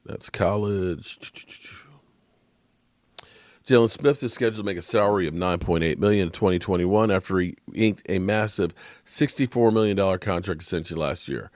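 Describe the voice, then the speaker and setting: Tired low-voiced man talking football. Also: darkish tone, dry recording, clean studio sound. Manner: rambling, conversational, frequent restarts. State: tired, yawning from lack of sleep. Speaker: sports commentary vlogger. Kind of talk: casual sports commentary monologue.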